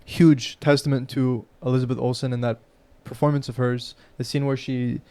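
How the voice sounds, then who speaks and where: A young man co-hosts a casual film review podcast. His voice is smooth and resonant, and he talks keenly and fluently, dropping in the odd um between points. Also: medium pitch, level tone, moderate pace, dark tone. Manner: enthusiastic, fluent, frequent ums. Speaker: podcast co-host.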